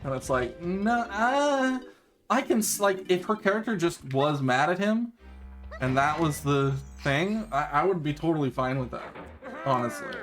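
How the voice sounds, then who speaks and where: A man's voice: fairly high pitch, animated, normal speed, a bit bright. A man streaming a speedrun, rambling casually in a running chat with many fillers and restarts. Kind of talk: casual chat while gaming. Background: game music.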